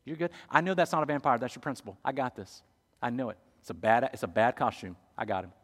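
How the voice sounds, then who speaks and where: Guy doing a soft low protective dad, chill and reassuring, big echoey room. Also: animated, fast talker, natural voice. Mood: soothing. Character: calm, protective father soothing his young son. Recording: echoey hall.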